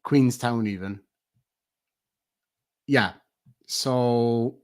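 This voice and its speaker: A man's voice: medium pitch, animated, a little slow, fairly bright tone. An Irish man streaming live, reading viewer comments aloud in a casual, rambling way with frequent hesitant ums. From Ireland.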